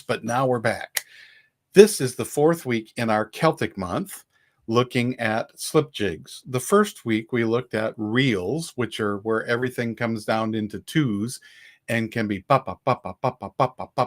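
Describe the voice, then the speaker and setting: A man hosting a casual live-stream dulcimer lesson, chatty and relaxed, counting beats and chanting rhythm syllables aloud. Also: medium pitch. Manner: relaxed, chatty, with small restarts. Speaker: dulcimer teacher and host.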